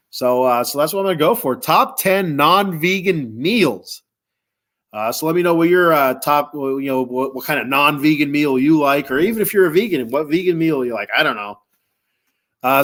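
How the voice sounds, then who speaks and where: Male podcast host, casual rambling solo talk, mid-pitched, relishes his topic. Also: a bit bright. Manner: rambling, restarts, chuckles, lists with relish.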